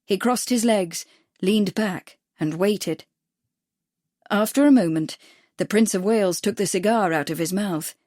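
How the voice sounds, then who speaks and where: A woman reads a period mystery novel aloud in a measured, steady storytelling manner. Her voice sits at a middle pitch, and the recording is close and dry. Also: dry recording. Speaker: audiobook narrator. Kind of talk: scripted narration.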